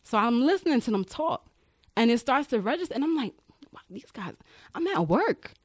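A woman's voice: on the high side, moderate pace, no room sound, clean studio sound. A woman who works as a corrections officer tells frank stories from her job in a podcast conversation, acting out the voices of the people she quotes. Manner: animated, acts out others' voices when retelling; frank, uses profanity.

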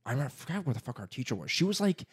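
A man's voice: medium pitch, racing, slightly rough. A young man in casual chat, telling childhood stories with lots of swearing and put-on voices. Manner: profane, animated storytelling with put-on voices.

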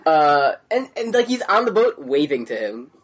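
A man's voice: fairly high pitch, sing-song, moderate pace, breathy edge. A man co-hosting a podcast, chatting casually and profanely, laughing often and acting out lines from the show. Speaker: podcast co-host. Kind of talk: casual recap chat.

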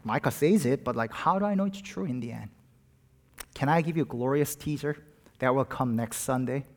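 A middle-aged man preaching a sermon, earnest, building to loud emphatic peaks on key phrases. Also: mid-range voice, fairly quick. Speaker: pastor.

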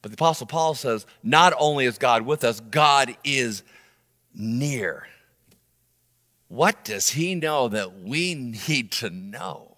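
A middle-aged man preaching a sermon, animated, swinging between loud emphasis and soft low asides. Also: takes it slowly. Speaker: pastor. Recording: long reverb of a large room.

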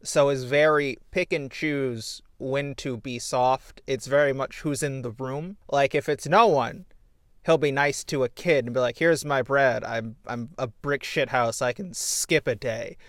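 A man co-hosts a podcast in loose, joking chat, his voice at an ordinary middle pitch. The sound is dry and close, with no room around it. He rambles and restarts phrases as he riffs. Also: unhurried, a bit bright, no room sound. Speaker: podcast co-host. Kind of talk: casual chat.

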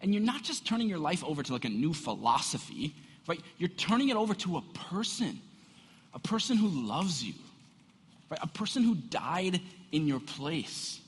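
A man preaching a sermon as a pastor, animated and conversational, often asking the congregation rhetorical questions. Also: fairly high pitch, normal speed, a little hiss or hum. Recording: echoey hall.

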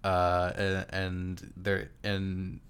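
A man in casual chat recapping a video game, relaxed and jokey. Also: deep voice, extremely slow, smooth.

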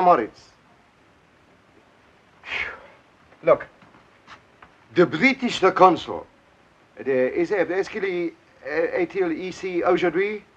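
A man's voice: a little high, slightly rough, full character voice. An actor playing a flustered male tourist who stumbles and stammers through a language barrier, in old film dialogue. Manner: halting and flustered, full of stammers. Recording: dull old film soundtrack.

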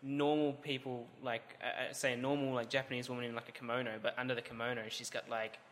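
A young man chatting casually with animated, quick ideas. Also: mid-range voice, a little hiss or hum. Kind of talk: casual chat. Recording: reverberant room with faint ambience.

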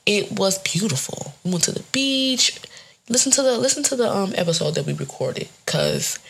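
Gravelly young woman podcast host. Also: mid-range voice, normal speed. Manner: animated storytelling, swearing, laughing. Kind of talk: casual solo podcast talk.

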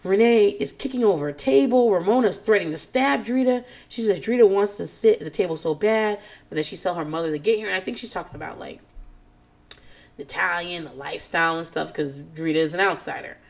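This podcast host, whose voice is creaky, recaps a reality show in casual chat, speaking fast and loose with frequent swearing and calling herself a nervous, on-edge person. Animated throughout, she goes from low muttering asides to high, squealing imitations of the people she describes.

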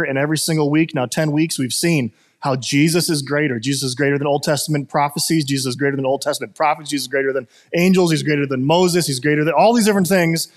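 Chatty male pastor in a reverberant hall. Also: a little high. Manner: conversational, storytelling with many fillers. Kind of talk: sermon.

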